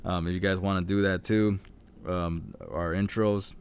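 A man's voice: low voice, fairly even intonation, unhurried, clear, resonant tone. A male podcast co-host in casual chat, laid-back, laughing often and giving short replies.

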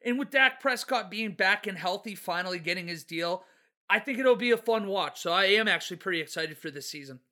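Male podcast co-host, high bright voice, chatty with fillers. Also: animated, brisk. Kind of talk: casual sports podcast chat.

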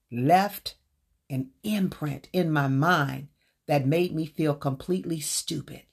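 A woman's voice: deep voice, husky. A woman earnestly telling a personal story from her own book, speaking straight to her listeners. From Southern United States.

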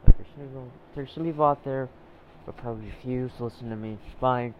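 A man rants alone on his podcast, swearing freely and circling back to the same point with plenty of fillers. His voice sits at an ordinary pitch. The recording is a little dull, with faint ambience behind him. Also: steady tone, quick pace, slight background noise. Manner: rambling, profane, repeats himself, many fillers. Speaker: podcast host. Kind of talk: solo podcast rant.

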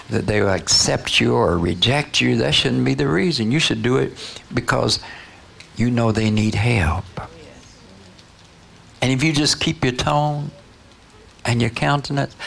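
A man's voice: mid-range voice, animated, a little slow, creaky, fairly bright tone, a little hiss or hum. A man preaching a sermon, prodding his listeners with repeated "Huh?" and "you know" as he goes.

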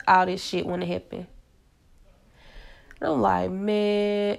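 Brief: middle-aged woman, solo home podcast host, blunt and profane, a gravelly rasp to her voice. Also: medium pitch. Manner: profane, blunt storytelling with slang. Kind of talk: casual solo podcast rant. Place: at home, kids in hallway.

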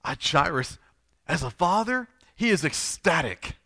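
Bright-voiced preacher telling a story. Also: male voice, on the high side, big pitch swings, a little slow, gravelly. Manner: dramatic storytelling, repeats phrases for emphasis. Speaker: pastor. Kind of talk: sermon.

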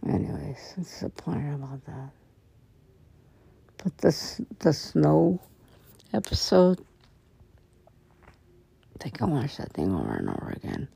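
A woman's voice: low-pitched, creaky, dark tone, breathy edge, no echo, low-quality recording. A middle-aged woman hosting a podcast, telling rambling, profane stories in a casual monologue. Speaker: podcast host.

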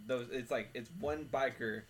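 A man's voice: medium pitch, a little slow, a bit bright, slight background noise. A young man chatting casually with friends in a garage, rambling and leaning on filler words. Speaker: podcast co-host. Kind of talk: casual chat. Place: home garage.

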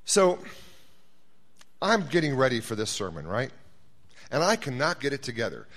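A man's voice: medium pitch, sing-song, normal speed, a bit bright. Candid man preaching a sermon. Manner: candid, self-deprecating storytelling. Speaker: pastor.

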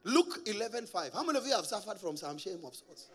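A man preaching a sermon as a pastor, animated and often laughing at his own stories. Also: high-pitched, fast talker, breathy edge, long reverb tail, soft background music.

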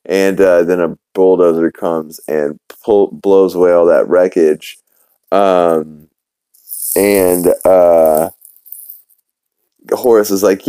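A young man from New Orleans hosts a podcast and rambles through a recap of a cartoon episode, full of fillers and quotes he acts out. His voice is low and mellow with a smooth, clear tone. It is recorded dry and close, with no room sound. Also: flat delivery, takes it slowly, no room sound, rough recording. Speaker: podcast host.

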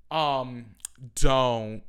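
A man with a smooth, resonant voice hosts a casual solo podcast from home. He rants loudly and animatedly, swearing freely and tossing in mocking asides. His pitch sits in an ordinary middle range. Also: extremely slow. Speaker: podcast host.

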